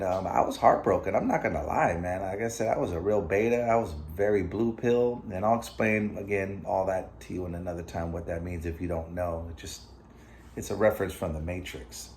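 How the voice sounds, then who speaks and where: The middle-aged vlogger's voice is low and darkish here, with slight background noise behind it. He tells a personal story to the camera in a relaxed way, full of asides and fillers.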